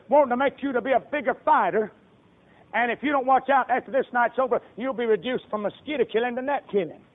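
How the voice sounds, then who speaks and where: A man preaching a sermon in a folksy way, acting out the voices of people in his stories. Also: very high-pitched. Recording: tinny phone-like radio broadcast.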